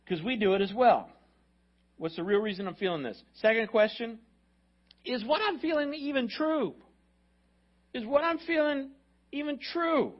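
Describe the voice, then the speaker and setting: A male pastor preaching an energetic, repetitive sermon and acting out quotes. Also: a little high. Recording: slightly muffled recording.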